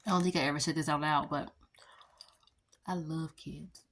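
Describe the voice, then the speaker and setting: A woman's voice: low-pitched, fairly even intonation, moderate pace. A woman in her thirties chatting casually to her viewers, rambling through storytime anecdotes and addressing them as y'all. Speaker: vlogger.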